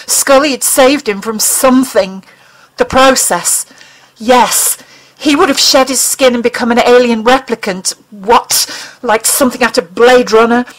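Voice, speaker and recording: A woman's voice: fairly high pitch, unhurried, low-quality recording. Woman reading a dramatic audiobook. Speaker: audiobook narrator. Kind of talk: audiobook narration.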